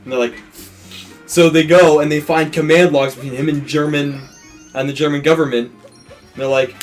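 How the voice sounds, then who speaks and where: Man, let's play host, casual movie recap, slightly high voice, acts out quotes. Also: normal speed, faint music behind. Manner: animated storytelling, acting out quotes, swearing, laughing.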